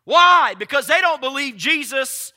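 A man's voice: very high-pitched, lively intonation, measured pace, pushed and bright. A man preaching a sermon emphatically, firing rhetorical questions at his congregation. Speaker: pastor.

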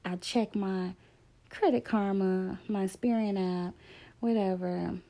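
Gravelly low-toned woman telling a story. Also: fairly even intonation, mellow. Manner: candid, emphatic, drifting between fast and slow. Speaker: speaker sharing a personal story. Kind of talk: casual testimonial storytelling.

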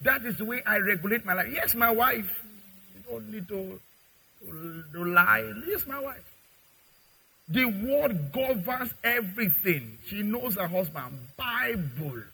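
A middle-aged male pastor preaching a sermon, acting out little dialogues and swinging from quiet to loud. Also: sits high, expressive, measured pace, vocal fry, breathy edge, rough recording. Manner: preaching with dramatic acted-out dialogue and big swings in loudness.

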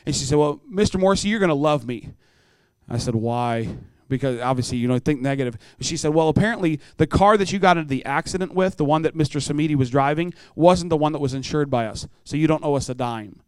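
A man's voice: on the high side, fast, a little mellow, clean tone, no echo. A middle-aged man preaching a sermon to teenagers, telling stories and acting out voices as he asks the room questions.

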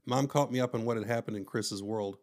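A man's voice: fairly low pitch, fairly quick, a little mellow. A man narrating a first-person story with wry, conversational asides.

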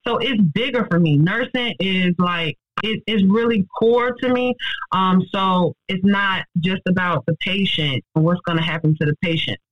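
A woman speaks as an ICU nurse, heartfelt and faith-driven, pressing her points with quick emphasis. The recording is close and very dry, with no room sound. It also has a slightly dull, muffled tone. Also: on the low side, no echo. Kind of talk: personal testimony in an interview.

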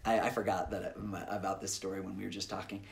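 A man in his thirties co-hosting a podcast, telling personal stories in a casual, animated way. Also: sits low, quick pace, vocal fry. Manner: animated storyteller, acts out quoted family voices. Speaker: podcast co-host. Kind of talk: casual chat.

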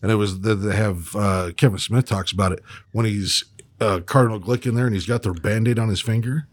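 A man with a low voice talks loosely and swears often. He tells stories in a lively way, slipping into quoted voices. The sound is close and dry. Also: a little fast, dry recording. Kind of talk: casual chat.

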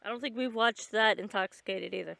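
A woman's voice: medium pitch, fairly quick, vocal fry, bright, forceful tone, no room sound. A woman co-hosting a podcast, chatting casually while they watch a movie, sardonic and swearing freely. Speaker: podcast co-host.

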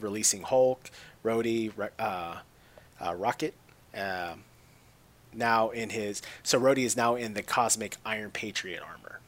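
A man's voice: on the low side, fairly bright tone. A man co-hosting a podcast, reading out the beats of a film scene in a chatty, easily amused way. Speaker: podcast co-host. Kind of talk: casual retelling of a movie.

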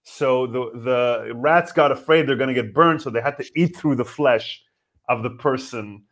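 A man's voice: mid-range voice, normal speed, a bit bright. Chatty man in casual talk. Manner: rambling, chatty, full of fillers. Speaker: podcast co-host. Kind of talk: casual chat.

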